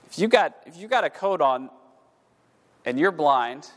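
A man's voice: on the high side, expressive, measured pace, fairly bright tone. A man preaching a sermon in a church, reading scripture in old-fashioned wording and then explaining it, often repeating words as his delivery builds. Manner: repeats words while rising to fervent emphasis. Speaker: pastor. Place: church sanctuary. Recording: echoey hall.

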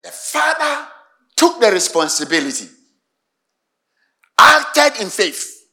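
A male pastor with a Ghanaian English accent preaches a sermon in a high, bright voice with a creaky, breathy edge, its pitch leaping up and down. He speaks slowly and emphatically, often pausing so the congregation can call back the missing word.

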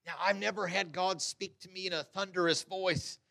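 A middle-aged man preaching a sermon, fervent, swinging between loud exhortation and quiet asides. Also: high voice, steady tone, normal speed, vocal fry.

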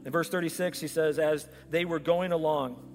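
A man's voice: fairly high pitch, fairly even intonation, normal speed, faint music behind. Preaching man in an echoing hall. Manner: storytelling, acts out dialogue. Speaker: pastor. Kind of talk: sermon. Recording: long hall reverb.

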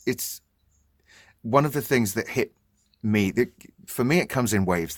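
A man's voice: deep voice, dry recording, studio quality. A man from Britain hosting a casual chat, talking in a reflective, conversational way.

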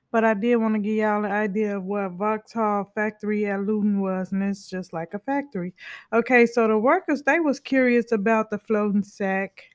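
A woman's voice: a little high, no echo, studio quality. A woman hosting a true-crime podcast in a casual, rambling way, full of slangy asides. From United States. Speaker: podcast host.

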